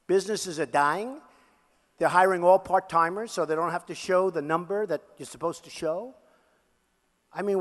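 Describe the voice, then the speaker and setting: An older man giving a rally speech as a political candidate, boastful and repetitive, talking off the cuff from a podium microphone in a large hall. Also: high voice. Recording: echoey rally hall reverb.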